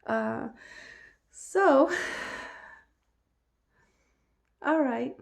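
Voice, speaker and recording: A woman's voice: sits high, lively intonation, very slow, vocal fry. A middle-aged woman hosting her own show, talking casually and animatedly to the camera from home, laughing often and acting out the people she quotes. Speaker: host. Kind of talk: casual direct-to-camera talk. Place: home, emptied out.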